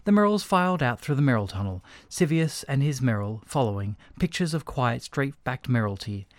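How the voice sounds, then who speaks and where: A man reads a comic story aloud with lively, expressive narration. His pitch swings freely across a moderate, mid-range voice. The sound is dry and close to the mic. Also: moderate pace, no room sound. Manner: expressive, animated reading.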